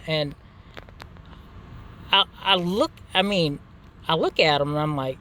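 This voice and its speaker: A man with a drawl tells a story in a loose, easygoing way, swearing freely and pausing on fillers. His voice sits a little high for a man. Faint outdoor traffic hums behind him. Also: big pitch swings, bright, forceful tone. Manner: profane, laid-back storytelling with many fillers. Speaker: gaming channel host. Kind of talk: casual anecdote.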